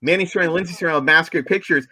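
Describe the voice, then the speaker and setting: Racing along in a fairly high, bright, forceful voice, this New Jersey podcast co-host chats enthusiastically and repeats himself for emphasis. He coughs and says sorry for it, and the recording is dry.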